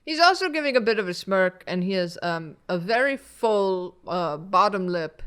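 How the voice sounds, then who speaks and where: A woman's voice: medium pitch, expressive, moderate pace, a bit bright, clear, resonant tone. A woman in casual chat describing a man's face in detail, hesitant and stopping often to find words.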